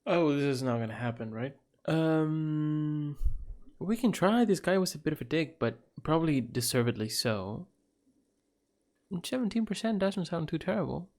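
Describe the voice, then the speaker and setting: A man's voice: fairly high pitch, animated, moderate pace, darkish tone. Male streamer, casual commentary, reads game text, laughs often.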